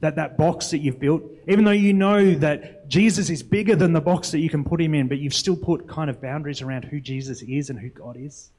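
A man's voice: fairly high pitch, fairly quick, few pauses, a little mellow, poor audio. A young adult man preaching a sermon in an earnest, reflective way, often posing rhetorical questions to the congregation.

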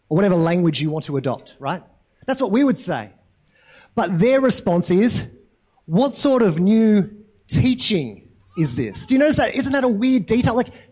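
Speaking to his congregation in a chatty, informal style, a pastor with a fairly high, darkish-toned voice poses frequent questions. He punctuates his points with a quick "right?", so it feels like conversation rather than a formal address.

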